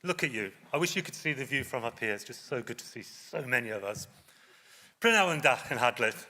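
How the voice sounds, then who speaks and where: Guy leading his party, bright sharp voice, dips low to hammer points, long echo of a conference hall. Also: animated, brisk. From Wales. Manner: impassioned, drops low for emphasis. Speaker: party leader. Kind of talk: conference speech. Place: large conference hall on stage.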